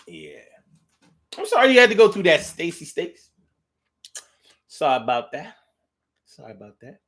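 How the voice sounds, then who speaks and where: A man's voice: high-pitched, sing-song, a little slow, a bit bright. A man hosting a casual talk monologue, reading out listener comments and riffing on them in a playful, drawling way.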